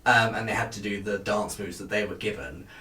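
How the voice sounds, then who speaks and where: A man hosting a casual chat show, talking with hesitant pauses and fillers. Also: fairly low pitch, steady tone, pushed and bright, a little hiss or hum. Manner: chatty, hesitant, lots of fillers. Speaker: podcast host reviewing a TV show. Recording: echoey room.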